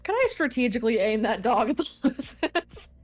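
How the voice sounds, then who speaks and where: A woman playing a tabletop game, talking casually and planning her moves out loud. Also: fairly high pitch, sing-song, normal speed. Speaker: player. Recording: faint music behind.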